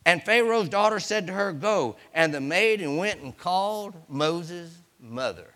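Lively, bright-voiced man preaching a sermon. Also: high-pitched, normal speed, few pauses, long reverb tail. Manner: animated storytelling preacher, exclaiming hallelujah.

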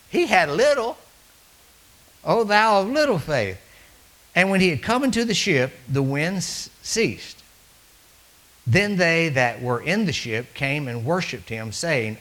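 A man preaching a sermon, telling stories and swinging between loud calls and hushed asides. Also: mid-range voice, rough recording.

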